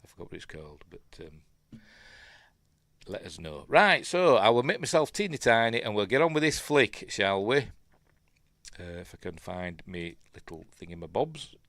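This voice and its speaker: Low-pitched, very animated and a bit bright, this Yorkshire-accented film review host, a middle-aged man from Yorkshire, talks at normal speed with no echo. He rambles chattily through his commentary, dropping in self-deprecating asides.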